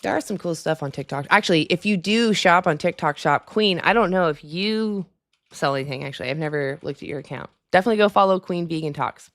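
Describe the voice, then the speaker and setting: A woman's voice: fairly low pitch, fast talker. A woman hosting a casual live stream at her desk at home, rambling with lots of fillers and chatty asides.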